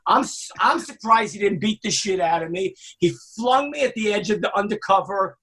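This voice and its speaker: A man, telling wild stories in a casual interview, animated and swearing freely. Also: high-pitched, moderate pace, a crowd in the background. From Brooklyn, New York. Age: 60s. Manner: animated, acts out quoted voices, swears freely. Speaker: guest, music industry veteran.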